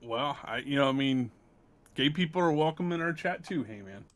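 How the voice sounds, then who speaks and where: A man co-hosting a podcast in casual chat, dry and teasing with deadpan replies. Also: mid-range voice, moderate pace. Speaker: podcast co-host.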